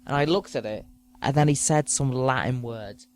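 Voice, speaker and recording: A man's voice: medium pitch, normal speed, slight background noise. A man hosting a podcast, rambling through a crude, self-mocking comic monologue. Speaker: podcast host.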